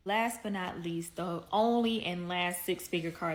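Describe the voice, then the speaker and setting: A woman's voice: lowish voice, a little slow, hardly any pauses. Playful woman listing her car payments. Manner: playful, affectionate toward her cars. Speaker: social media creator listing her cars. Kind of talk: casual video monologue.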